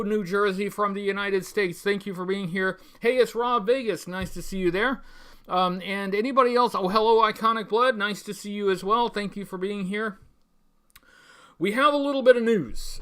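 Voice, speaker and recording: A man's voice: a little high, fairly bright tone, smooth. A man hosting a live stream, chatting casually and greeting viewers by name, with lots of ums and restarts. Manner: halting, many fillers and restarts. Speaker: toy collecting channel host. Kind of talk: casual livestream chat.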